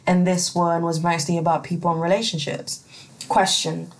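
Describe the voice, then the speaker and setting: A woman's voice: fairly low pitch, level tone, normal speed. A woman hosting a casual solo podcast, chatty and profane, laughing often as she reads out listener questions. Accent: non-American accent. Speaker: podcast host.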